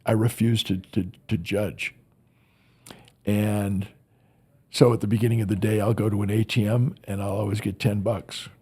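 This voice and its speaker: Earnest stories come from a motivational speaker in a podcast interview, who tends to repeat words while hunting for them. His lowish, husky, darkish voice moves little in pitch and keeps a moderate pace.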